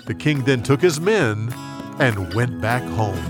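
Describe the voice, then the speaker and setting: A man narrating a Bible story in a slow, expressive storytelling manner. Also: medium pitch, faint music behind.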